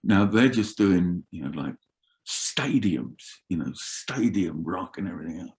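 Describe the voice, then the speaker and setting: An older man telling roadie stories in an animated, swearing way as an interview guest. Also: low voice, unhurried. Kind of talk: casual storytelling.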